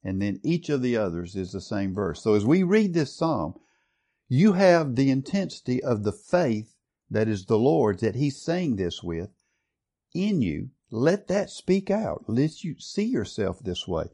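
A man's voice: mid-range voice, big pitch swings, a little slow, dark tone. A man preaching a sermon earnestly, building to strong stress on key words. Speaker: pastor.

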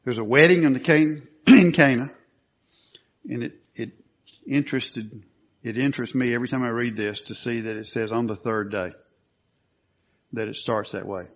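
A man preaching a sermon, earnest and at times forceful, on a dull lo-fi recording. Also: mid-range voice, normal speed, pauses often. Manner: earnest, rising to forceful emphasis.

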